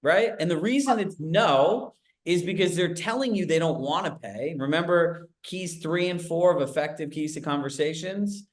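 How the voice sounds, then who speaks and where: Man, slightly high-pitched, coaching a live group, rapid asides, video call. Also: lively intonation. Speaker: real estate sales coach.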